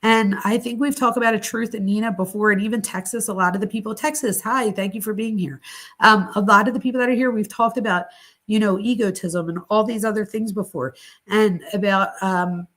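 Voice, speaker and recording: A woman's voice: mid-range voice, steady tone, fairly quick, a bit bright. A middle-aged woman hosting a live psychology talk stream, speaking candidly and chattily with casual swearing. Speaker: host.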